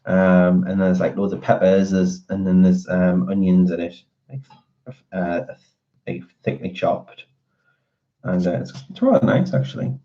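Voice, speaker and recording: A man's voice: low-pitched, fairly even intonation, measured pace, dark tone. A man chatting casually with viewers on a live stream, rambling with lots of fillers and restarts. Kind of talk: casual chat. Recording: dull lo-fi audio.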